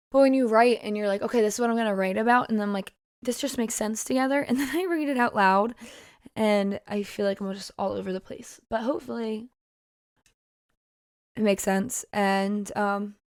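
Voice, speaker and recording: In this relaxed podcast chat, a female musician rambles about a song she wrote, laughing often and leaning on fillers as she drifts between topics. She speaks slightly high, and the studio-quality recording has no room sound.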